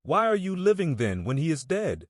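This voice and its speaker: A man's voice: medium pitch, expressive, normal speed, no room sound, clean studio sound, natural voice. A man reading an audiobook, voicing a middle-aged grieving mother who pleads and sobs for the truth about her son's death. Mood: grieving, pleading. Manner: sobbing, pleading. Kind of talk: audiobook character voice.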